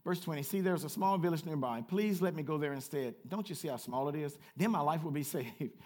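A man preaching a sermon as pastor, swinging from quiet asides to loud repeated calls and chatting with the congregation. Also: fairly high pitch, brisk. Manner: chatty with the congregation, laughs at himself. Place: church.

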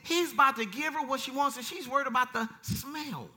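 Reading scripture and commenting as he goes, a preacher delivers a conversational sermon that swings from quiet asides to loud, animated emphasis. He speaks fairly quickly in a very high voice.

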